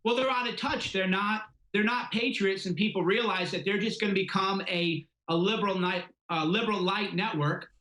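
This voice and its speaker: A man's voice: sits high, normal speed, hardly any pauses, bright, forceful tone, roomy sound, rough recording. A man appearing as a guest commentator on a talk show, blunt and assertive. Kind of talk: political commentary.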